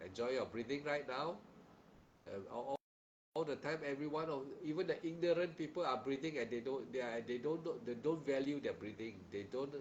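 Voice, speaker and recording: A man's voice: mid-range voice, a little fast, dull audio, slight background noise. Stern male meditation teacher. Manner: stern and admonishing, with frequent tag questions like "huh?"; repeats phrases and restarts sentences in plain, simple wording. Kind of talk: guided meditation instruction and dharma talk.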